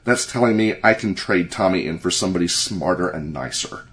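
Man reading anxious middle-aged father, strained, hesitant, lowish voice. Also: fairly quick, a bit bright. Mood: furious.

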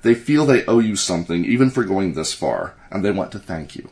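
A man voicing a male doctor who speaks in a calm, measured, assured way. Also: deep voice, gravelly, heavily acted.

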